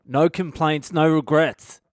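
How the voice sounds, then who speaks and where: Sarcastic comic host; profane monologue, crisp clear tone. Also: male voice, fairly high pitch, steady tone, slow pace, no room sound, studio quality. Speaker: comedian podcast host. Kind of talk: comedic monologue rant.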